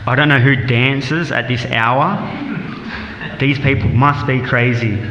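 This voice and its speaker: A man's voice: mid-range voice, steady tone, takes it slowly, background noise. Guy doing a grudging young runaway, wry inner voice, echoey hall sound. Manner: wry, casual inner monologue. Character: reluctant young male runaway turned temple recruit. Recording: dull echoey temple hall.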